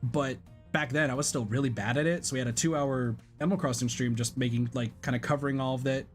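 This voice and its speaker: A man's voice: medium pitch, darkish tone. A man streaming a video game, talking casually and hesitantly as he plays. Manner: rambling, hesitant. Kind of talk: casual gameplay commentary.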